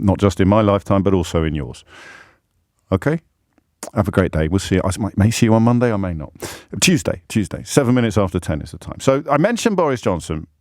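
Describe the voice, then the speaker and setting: Male radio host, sardonic, low voice, very lively pitch, dry studio mic. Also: dry recording. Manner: sardonic, mocking, fluent with asides. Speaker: radio talk show host. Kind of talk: phone-in radio monologue. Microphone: studio microphone.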